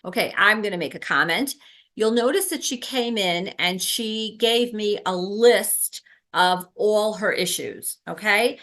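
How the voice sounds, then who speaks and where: A woman's voice: medium pitch, unhurried, sharp tone. A woman leading a workshop for birth helpers, talking casually with many ums and restarts. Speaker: doula trainer. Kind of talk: workshop teaching.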